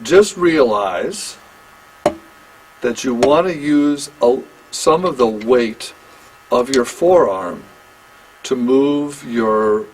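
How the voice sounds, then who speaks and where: A man teaching a private drum lesson, explaining technique in halting phrases with restarts and frequent check-ins with his student. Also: medium pitch, animated, a little hiss or hum. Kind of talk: one-on-one instrument lesson.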